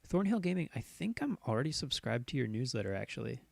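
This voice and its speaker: A man's voice: medium pitch, big pitch swings, fast talker, gravelly, no room sound. Easygoing man chatting on a dry live stream. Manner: easygoing, rambling, reads viewers' posts aloud with many fillers and restarts. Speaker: streamer host. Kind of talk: casual live-stream chat.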